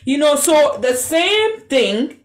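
A woman's voice: high-pitched, very animated, takes it slowly, slight background noise. A woman hosting a live church radio talk show, affirming her guests and reading listener comments aloud. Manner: affirming, warm backchannels and reads comments aloud. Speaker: host.

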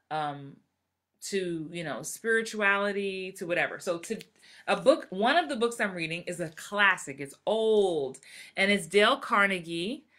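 Acting coach, woman, 40s, bright and animated, live talk. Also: medium pitch. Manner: animated, acts out quoted voices. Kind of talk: live-streamed motivational talk.

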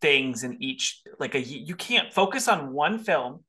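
A man's voice: a little high, animated, measured pace, pushed and bright, breathy edge. A man hosting a podcast in casual chat, rambling and exclamatory. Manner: chatty, rambling with fillers, exclamatory. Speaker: podcast host.

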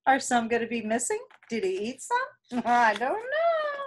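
Woman, school staff, storytime read-aloud; high voice, unhurried, playful asides. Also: slight background noise. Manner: expressive, playful, chatty asides with laughs. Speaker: elementary school staff member. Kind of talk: reading a picture book aloud to children.

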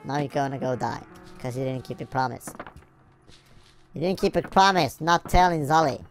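A woman giving playful, goofy game commentary, rambling along and breaking into sudden high squeals and shouts. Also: normal speed. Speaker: gameplay video creator. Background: game music.

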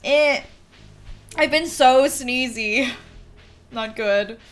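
A woman chatting casually as she streams a game, reacting out loud and talking to her chat. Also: high-pitched, drawn-out words.

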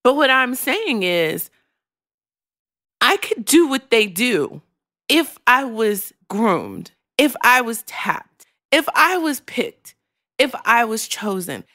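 A woman's voice: fairly high pitch, big pitch swings, slow, sharp tone, no echo, clean studio sound. Emotional, frank woman podcaster. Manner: emotional, frank, swears freely. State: choking back tears. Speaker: podcast host. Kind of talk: candid podcast monologue.

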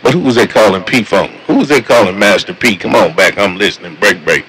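A man's voice: on the low side, animated, a little fast, a crowd in the background, poor audio. A man talking with fellow truckers over CB radio in a laid-back, slangy way, repeating his catchphrases. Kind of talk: casual CB radio chat.

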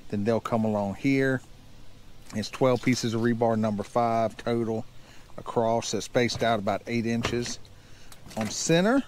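A man's voice: medium pitch, a little mellow, a little hiss or hum. A middle-aged man casually narrating his construction project, plain-spoken and explaining each step as he goes. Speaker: builder and channel host.

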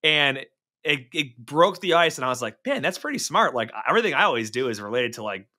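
A man's voice: mid-range voice, very animated, brisk, sharp tone. A man co-hosting a podcast in casual chat, chatty and full of joking asides. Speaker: podcast co-host.

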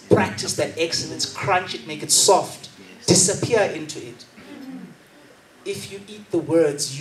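A man with a South African accent, giving an emphatic acting masterclass talk and dramatically reciting poetry to a room. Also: on the high side. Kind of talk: energetic workshop talk. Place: event venue with audience. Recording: echoey venue from far off.

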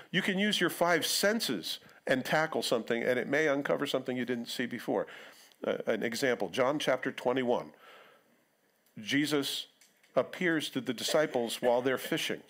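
A middle-aged man preaching in a church in a conversational tone. His voice sits at a medium pitch. He now and then acts out quotes in other voices. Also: animated, normal speed, a bit bright. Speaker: pastor. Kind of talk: sermon.

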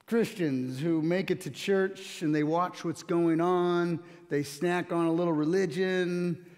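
Here a male pastor, his voice a little high and a little mellow, reads from scripture and preaches, relating stories plainly with a bit of humor. The sound carries the long hall reverb of a church sanctuary.

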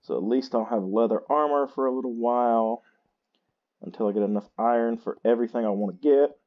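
A tired man, chatting slowly and poking fun at himself while he plays a game. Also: medium pitch, lo-fi sound. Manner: slow, chatty and self-mocking. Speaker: gaming channel host. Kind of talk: casual gameplay commentary.

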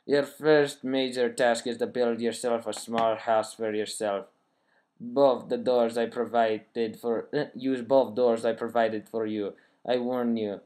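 A scheming evil villain gloats over his captive in a mock French accent, as a man puts him on. The voice is loud and theatrical, pitched in a middle register, with a cackling, showy menace. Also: natural voice. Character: gloating evil male villain writing notes. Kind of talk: reading a note aloud in a put-on voice.

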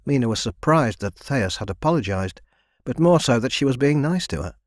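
A man reading a young adult fantasy audiobook in an even, measured scripted narration. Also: medium pitch, no room sound, studio quality.

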